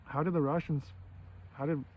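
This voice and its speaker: A man's voice: fairly high pitch, fairly even intonation, moderate pace, a little hiss or hum. A man in his fifties giving a profane, rambling monologue full of rhetorical questions. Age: 50s. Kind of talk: casual ranting monologue. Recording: dull lo-fi sound.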